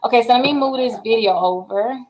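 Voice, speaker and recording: A woman hosting a casual credit repair livestream from a home setup, talking fast and chatting straight to her viewers. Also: on the high side, warm tone, rough recording. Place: home setup with multiple screens.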